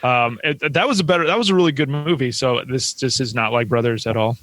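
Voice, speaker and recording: A man's voice: mid-range voice, fairly quick, fairly bright tone, dry recording. A man co-hosting a movie podcast, chatty and questioning, laughing often. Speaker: podcast co-host. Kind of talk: casual podcast chat.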